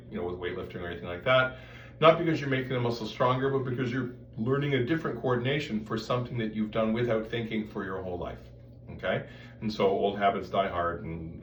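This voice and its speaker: A man's voice: on the low side, reverberant, distant mic, a little hiss or hum. A man giving a casual voice lesson, explaining breath and throat with sung vowel demonstrations. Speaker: voice teacher. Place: room with music stands and metal ductwork.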